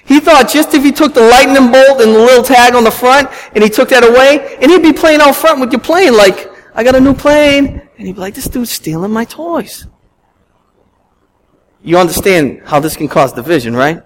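A man preaching a sermon as pastor, telling a story in an animated, emphatic way. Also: extremely high pitch, fairly quick, hardly any pauses, slight background noise, poor audio. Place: church.

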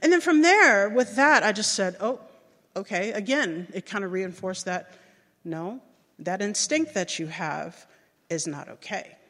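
A middle-aged woman telling a personal story to an audience, animated and acting out the voices of people she remembers. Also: measured pace, big-room sound. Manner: animated, acts out remembered voices with big jumps in pitch.

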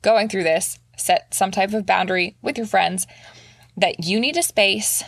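A young adult woman talking candidly and earnestly about her life in a reflective monologue, pausing often with fillers. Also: mid-range voice, gravelly, no echo, studio quality.

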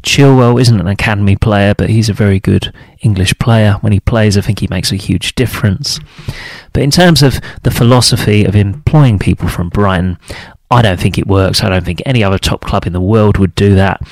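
A man's voice: brisk, a little mellow, dry recording. A man giving his frustrated opinions as a football fan, talking solo and mocking other fans' views. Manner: frustrated, ranting, mocks other fans in high put-on voices. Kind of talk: opinionated solo talk to camera.

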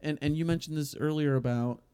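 A young man co-hosting a podcast, talking in halting, hesitant casual chat with wry asides. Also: a little high, mellow, clean tone, dry recording, clean studio sound. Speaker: podcast co-host.

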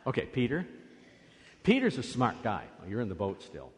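Animated man giving a children's sermon. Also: medium pitch, moderate pace. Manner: animated, questioning, coaxing children. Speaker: priest. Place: church. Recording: long reverb of a church.

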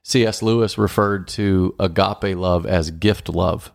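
Co-hosting a casual marriage podcast, a man gives advice in an upbeat, playful way, acting out little dialogues as he explains. His low, gravelly voice is steady and unhurried, recorded in studio quality with no room sound.

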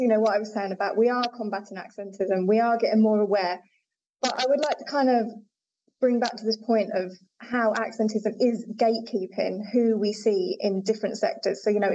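A woman researcher answers interview questions in a thoughtful, hedging way, with plenty of fillers. Her voice is warm and mellow. The recording is dull and lo-fi with a faint hiss underneath. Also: medium pitch. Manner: thoughtful, many fillers and hedges. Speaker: linguistics researcher, guest. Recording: dull lo-fi audio with faint noise.

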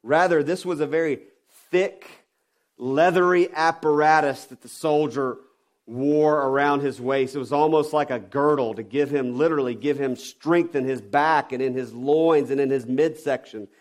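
A pastor preaching a sermon, emphatic, with rhetorical questions and swings from loud stresses to quiet drops. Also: male voice, a little high, steady tone, moderate pace.

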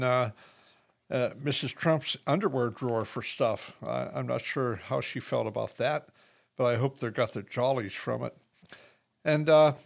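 Gravelly-voiced man hosting a podcast. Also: mid-range voice. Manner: halting, many fillers and restarts. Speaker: podcast host. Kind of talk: casual political discussion.

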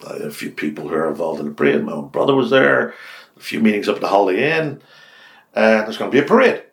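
An older Irish man, a radio host, telling long anecdotes in an interview and acting out the dialogue with lively swings in his voice. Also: quick pace, gravelly. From Ireland. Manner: lively storyteller, acts out quoted dialogue with big pitch jumps. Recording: roomy echo.

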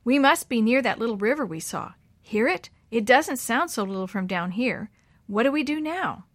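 Lady putting on a nervous little boy voice, high and eager, dry recording. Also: animated, normal speed, no echo. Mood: worried. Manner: eager, worried, pitched up. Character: anxious young boy in a wheelchair. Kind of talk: storybook read-aloud.

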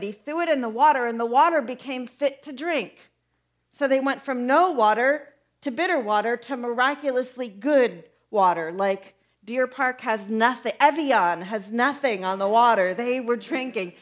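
A woman's voice: fairly high pitch, moderate pace. A woman preacher giving a conversational sermon, asking her listeners many questions.

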